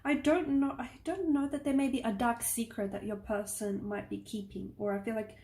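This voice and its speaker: A woman's voice: a little high, steady tone, moderate pace, mellow. A woman giving a casual tarot reading, rambling and reassuring, checking in often with the listener. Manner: rambling, reassuring, frequent "okay?" check-ins. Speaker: tarot reader. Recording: echoey room with faint noise.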